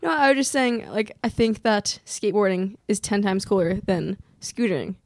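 A woman's voice: mid-range voice, moderate pace, no echo. Dry-humored young woman, close and dry. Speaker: podcast guest. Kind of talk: casual chat.

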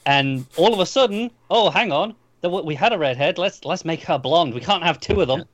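A man's voice: a little high, lively intonation, fairly quick. A man co-hosting a casual film podcast, opinionated and emphatic in his takes. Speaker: podcast co-host. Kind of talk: casual film-discussion chat.

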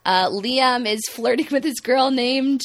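A woman's voice: high voice, a little slow, dry recording. Young woman, Midwestern American accent, chatty podcast co-host, dry close sound. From Midwestern United States. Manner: chatty, self-deprecating, animated. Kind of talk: casual podcast discussion.

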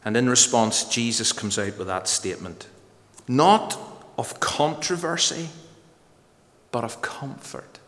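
A man preaching a sermon with emphatic delivery, slowing to drawn-out phrases for stress. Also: mid-range voice, lively intonation, fairly bright tone, big-room sound. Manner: emphatic, varied pace with slow dramatic pauses.

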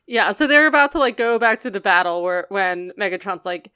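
A woman co-hosting a casual chat, recapping a cartoon with quick joking asides. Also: medium pitch, expressive, sharp tone, clear, resonant tone. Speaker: podcast co-host.

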